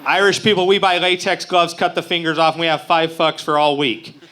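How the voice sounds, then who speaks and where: Profane stand-up comic, man from Utah, bright forceful tone, a touch higher than most. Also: little pitch movement, a little fast. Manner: crude, profane, brash joking. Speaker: stand-up comedian. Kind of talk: stand-up comedy set. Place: open mic stage before a live crowd.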